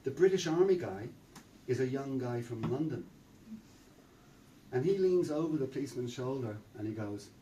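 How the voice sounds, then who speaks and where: A man's voice: mid-range voice, animated, moderate pace, pauses often, warm tone, slight background noise. Irish man telling a story in a roomy hall. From Ireland. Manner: anecdotal, chatty, many fillers and repeats. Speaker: preacher. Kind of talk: storytelling talk. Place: temple hall. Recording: roomy sound from a distant mic.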